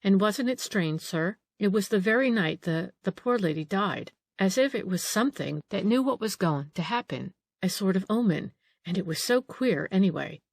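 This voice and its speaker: A woman's voice: mid-range voice, animated, normal speed, gravelly, no room sound. A woman reading an audiobook, voicing an old female housekeeper who grumbles, frets and takes offence easily. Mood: fretful.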